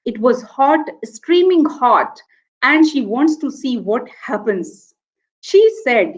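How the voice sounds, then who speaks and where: A woman's voice: fairly high pitch, very animated, takes it slowly. A woman lecturer, telling a story and then explaining her point earnestly, repeating key phrases. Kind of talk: motivational lecture with a told anecdote. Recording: dull lo-fi online lecture audio.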